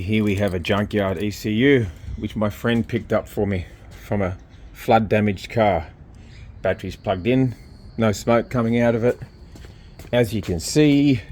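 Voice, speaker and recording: A man's voice: mid-range voice, no echo. A man with an Australian accent talking casually while he tunes a car, blunt and rambling, swearing freely. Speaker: car tuner vlogger. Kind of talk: casual vlog talk while working on a car.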